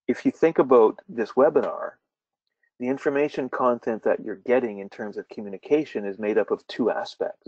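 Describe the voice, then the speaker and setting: Man, low voice, webinar trainer, animated with fillers and restarts, dull distant dry audio. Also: dry recording. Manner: animated, with fillers and repeated words. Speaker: workshop trainer. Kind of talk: webinar lecture. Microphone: webinar mic.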